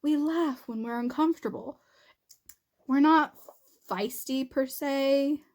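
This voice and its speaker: A woman's voice: high-pitched, takes it slowly. A young woman vlogger chatting through a funny story while doing her makeup, acting out what people said and laughing often. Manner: animated, laughing, acts out quotes. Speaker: beauty vlogger.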